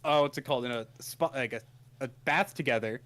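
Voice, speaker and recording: Man, podcast co-host, casual rambling recap, mid-pitched voice, laughs at his own retelling. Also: a little fast, fairly bright tone. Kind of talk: casual anime review chat.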